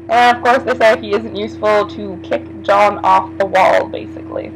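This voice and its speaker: A young woman recapping a TV episode in a casual vlog. She chats loosely, swears freely, says "like" a lot and breaks into excited exclamations. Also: medium pitch, brisk, hardly any pauses, noisy background. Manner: chatty, swearing, frequent "like", sudden excited exclamations. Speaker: TV episode reviewer.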